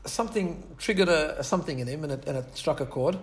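A man with a slightly higher-than-usual voice delivers a sermon as a long, earnest story. He talks his way through it with frequent restarts and repeated words. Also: fast. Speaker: Torah teacher.

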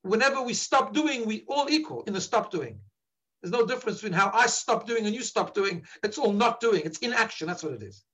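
A man's voice: high-pitched, a bit bright, poor audio. A man giving an earnest sermon as a rabbi, repeating words as he searches for his phrasing. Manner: drops into Yiddish when quoting.

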